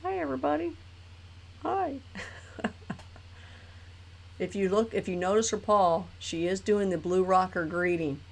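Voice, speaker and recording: A woman's voice: fairly low pitch, steady tone, unhurried, long pauses. A woman hosting a live stream, talking casually and rambling chattily with her viewers. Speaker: host of a live talk stream.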